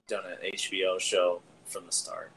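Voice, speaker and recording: A man's voice: sits low, level tone, moderate pace, creaky, fairly bright tone, slightly rough. A man co-hosting a casual podcast chat, joking and acting out silly quotes. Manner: jokey, acts out quotes in silly voices. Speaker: podcast co-host.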